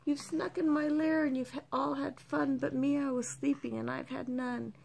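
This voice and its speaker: A woman's voice: high voice, flat delivery, normal speed, creaky, a little mellow. An older woman voicing a big, grumpy, sleepy male bear in a storybook reading. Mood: grumbling.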